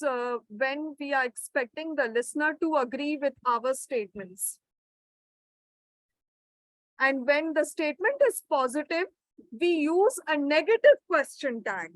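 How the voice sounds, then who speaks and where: A woman leads a live webinar lesson with a high voice and an unhurried pace. She reads out participants' answers and cheers them on. The sound is dry and close, over a video call. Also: no room sound, rough recording. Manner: encouraging, reads out participants' replies. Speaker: webinar trainer. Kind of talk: interactive online teaching.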